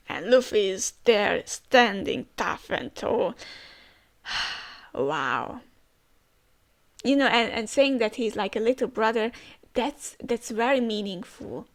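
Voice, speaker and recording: A woman's voice: on the high side, animated, slow, long pauses. A woman reading a comic aloud and reacting in a chatty, emotional way. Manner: chatty, emotional, laughs often. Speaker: manga reader reacting.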